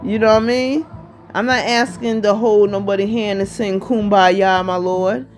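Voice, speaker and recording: A woman's voice: mid-range voice, fairly even intonation, moderate pace. Woman, 50s, vlogger; chatty, rambling monologue; faint music under it. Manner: chatty, rambling, constantly asks "you know what I mean". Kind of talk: casual vlog monologue.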